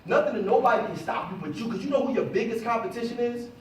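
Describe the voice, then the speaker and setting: A middle-aged man giving an animated motivational talk to a live audience and calling on them to answer. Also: extremely high pitch, fast talker. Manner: animated, calls on the audience for responses. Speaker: motivational speaker. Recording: echoey room, voice from a distance.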